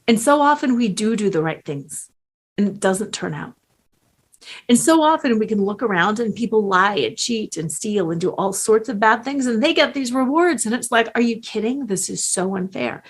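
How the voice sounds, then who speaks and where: Earnest woman coach talking slow, middle-aged, motivational and emphatic. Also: on the high side, breathy edge. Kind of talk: motivational talk.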